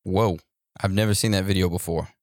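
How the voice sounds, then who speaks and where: A man with a low, gravelly voice chats on a podcast, slowly turning ideas over and drawing out his questions. The sound is dry and close. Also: fairly even intonation, darkish tone, no room sound. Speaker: podcast co-host. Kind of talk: casual podcast chat.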